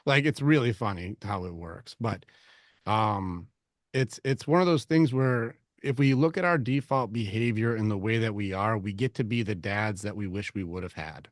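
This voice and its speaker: A man leading a men's group discussion coaches in a casual, animated way, swearing often and acting out voices when he quotes people. His voice is on the low side at a normal speed, recorded dry with clean studio sound.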